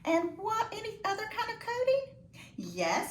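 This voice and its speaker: A woman teaching a phonics lesson to children, slow and encouraging with sing-song praise. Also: very high voice, sing-song, fairly bright tone, a little hiss or hum. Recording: echoey room, voice from a distance.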